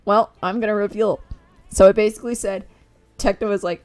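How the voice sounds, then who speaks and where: A woman's voice: medium pitch, fairly even intonation, fairly quick, a little mellow, soft background music. A woman streaming as she draws, chatting casually and giggling as she retells things with acted quotes. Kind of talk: casual chat while drawing.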